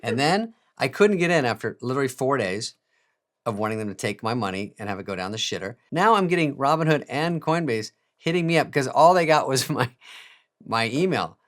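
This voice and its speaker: A man's voice: medium pitch, animated, brisk, fairly bright tone. A man doing a comic monologue in a sarcastic, profane and self-mocking way, chuckling at his own jokes. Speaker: comedian.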